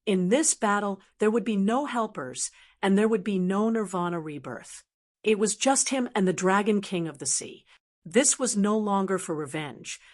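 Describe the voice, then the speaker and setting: A woman narrating a fantasy audiobook in a steady, even storytelling manner. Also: medium pitch. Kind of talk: scripted narration.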